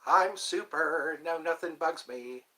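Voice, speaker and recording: A man's voice: fairly high pitch, slow, pushed and bright. A man voicing a flamboyant, cheerful cartoon man in a sing-song, gushing way. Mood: chirpy.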